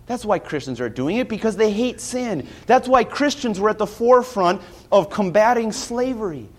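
An earnest male preacher with a fairly high voice delivers a sermon. He leans on rhetorical questions and reads scripture aloud with steady conviction. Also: normal speed.

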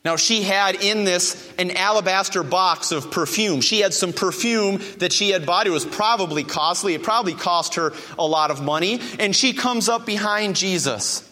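A man's voice: high-pitched, normal speed, hardly any pauses, bright, forceful tone. A male preacher delivering a sermon with emphatic repetition and rhetorical questions. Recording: long hall reverb.

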